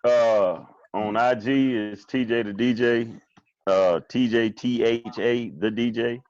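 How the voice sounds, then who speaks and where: A man's voice: medium pitch, fairly even intonation, slow, a little mellow, no echo. A man guesting on a podcast as a DJ, joking in laid-back casual banter. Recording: dull dry lo-fi mic.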